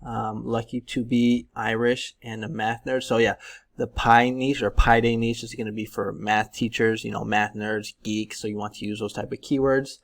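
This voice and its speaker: Gravelly low-voiced man from California. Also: normal speed. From Northern California. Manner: relaxed, chatty, with many ums and likes. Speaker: YouTube print-on-demand tutor. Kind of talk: casual screen-share tutorial.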